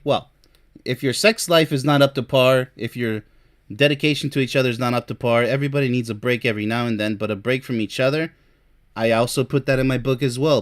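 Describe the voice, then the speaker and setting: A man giving opinionated, scornful commentary while reviewing a relationship article, often mocking the quoted views. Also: medium pitch.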